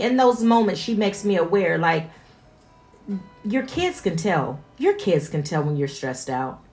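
A woman's voice: mid-range voice, darkish tone. A woman in her forties, a mother, speaking in an earnest, reflective personal monologue and stressing points through repetition.

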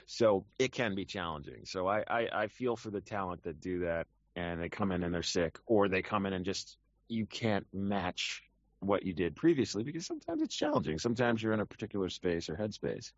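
Man, low voice, very lively pitch, voice actor chatting, dry muffled sound. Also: fairly quick, no echo. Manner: animated, rambling with restarts. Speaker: professional voice actor. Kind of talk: casual conversation.

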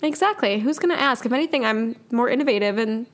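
A woman's voice: on the high side, expressive, quick pace. A young woman in her twenties co-hosting a podcast, playful and teasing in casual chat. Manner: playful, teasing, calls her friend "bud". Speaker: podcast co-host.

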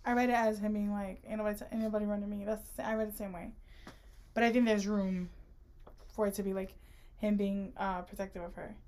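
A woman's voice: medium pitch, little pitch movement, a little fast, long pauses, a little mellow. Blunt, opinionated woman podcaster. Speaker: podcast co-host. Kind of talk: casual book-discussion chat.

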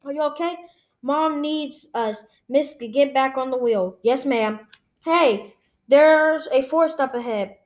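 This is read-aloud storytelling: a woman goes through a graphic novel, giving the sound effects and dialogue the same reading voice. She sounds high-pitched and a little slow.

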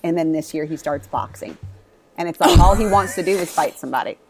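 A woman's voice: deep voice, quick pace, music in the background. Woman, 30s, mother, candid storyteller, swears a lot. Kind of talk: casual chat.

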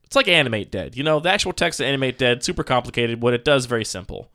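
A man in a casual podcast chat who talks fast, with lots of lift and swing in his pitch. He teases and prods his co-host along. The recording is dry and close, with no room echo. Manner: quick, lively and teasing.

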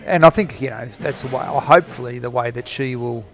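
A man, talking through a solo podcast from a cafe. His voice has a gravelly, creaky edge at a middling pitch. He rambles, jokes and pokes fun at himself as he goes. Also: fairly quick, fairly bright tone. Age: 40s. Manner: rambling, jokey, self-mocking. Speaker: podcast host.

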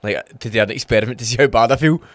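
A man co-hosting a fitness podcast, chatty and quick to chime in. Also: mid-range voice, a bit bright, no echo. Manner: quick, chatty, agreeable interjections. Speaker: podcast co-host and trainer. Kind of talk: casual podcast chat.

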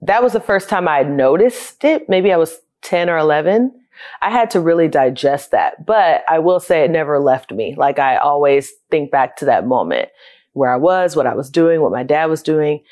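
Her voice low, animated and a touch mellow, a South Florida woman in her thirties recounts her life in an interview at a moderate pace. The childcare business owner comes across as candid, reflective and conversational.

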